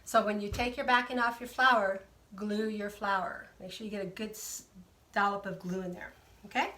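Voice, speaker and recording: A woman's voice: medium pitch, fairly quick, sharp tone, reverberant, recorded from a distance. A woman hosting a live craft tutorial, talking viewers through each step in a chatty way and greeting them by name. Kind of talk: casual live craft demonstration.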